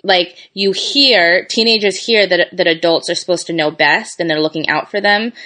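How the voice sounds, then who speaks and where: Hesitant woman explaining, low voice. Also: fairly bright tone. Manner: hesitant, with many fillers. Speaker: session participant. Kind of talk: casual explanation.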